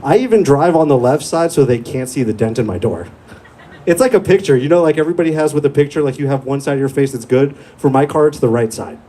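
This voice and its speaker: A man's voice: mid-range voice, expressive, fast talker, dark tone, slight background noise. Profane young man doing stand-up. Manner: crude, profane, laid-back storytelling. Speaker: stand-up comedian. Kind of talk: stand-up comedy set. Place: small comedy club. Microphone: handheld mic.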